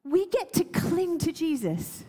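A woman's voice: very high-pitched, sing-song, measured pace, dark tone, in a large hall. A woman preacher giving a sermon, earnest and emotional, laughing now and then and using many fillers.

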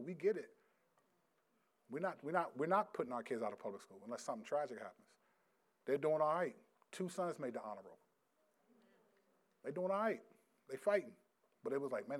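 A middle-aged male pastor preaching a sermon, reading scripture loudly and slowly, then dropping into quiet, casual stories about his sons. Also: medium pitch. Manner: swings from loud emphatic scripture reading to quiet storytelling.

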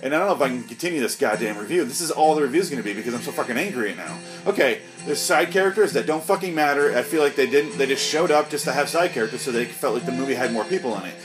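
A man's voice: medium pitch, expressive, racing, hardly any pauses, over music, poor audio. A man giving an angry, profane, unscripted movie review, ranting with exasperation and mocking the characters.

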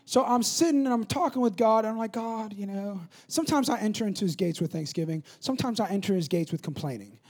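Man, pastor, very high voice, animated sermon storytelling, jokes with congregation. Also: fast, hardly any pauses.

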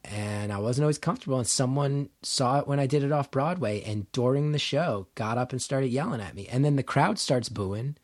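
A middle-aged man from New Jersey, a comedian guest telling a candid story in conversation, animated, acting out quoted lines and swearing freely. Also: mid-range voice, fairly quick, hardly any pauses, dry recording, studio quality.

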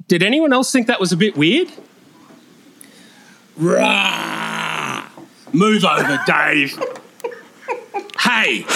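Brief: a crude, mocking male roast comic, bright, dry close mic. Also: on the high side, no echo. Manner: brash, crude, mocking delivery. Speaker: guest comedian roaster. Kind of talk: comedy roast.

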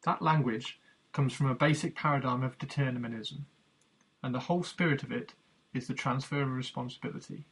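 A man narrating his own book in a measured, earnest, teacherly way. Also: medium pitch, fairly bright tone, slightly rough, poor audio. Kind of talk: audiobook narration.

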